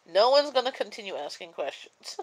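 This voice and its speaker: A woman's voice: mid-range voice, very animated, moderate pace, rough recording. A woman chats on a live stream in an easygoing, meandering way, full of "um" and "like." She sounds sleepy and keeps yawning between thoughts, drifting from one topic to the next. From Canada. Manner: rambling and chatty, many fillers. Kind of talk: casual live-stream chat.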